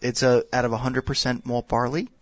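A man appearing as a guest expert, explaining wine and whiskey in a casual, halting way. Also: medium pitch, little pitch movement, fairly bright tone, dry recording. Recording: dull, dry sound.

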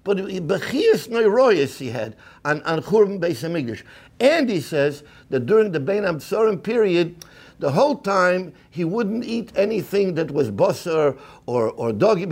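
A man's voice: high voice, big pitch swings, moderate pace, a little mellow, slightly rough. A man giving an impassioned sermon-style lecture at a community program, often stammering and restarting, with many Hebrew and Yiddish terms.

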